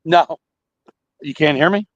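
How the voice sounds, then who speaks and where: A man's voice: fairly high pitch, measured pace, no room sound, highs cut off. A man calling in by phone from a park, rambling animatedly through a story with quoted dialogue. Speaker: caller. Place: outdoors at a park.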